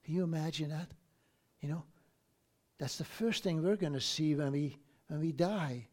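A man preaching a sermon, retelling a story in an unhurried way, often restarting phrases and adding asides. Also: a little high, darkish tone.

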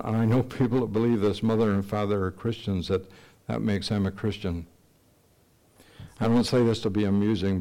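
A man preaching a sermon, telling stories in an earnest, slow and emphatic way. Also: lowish voice, warm tone.

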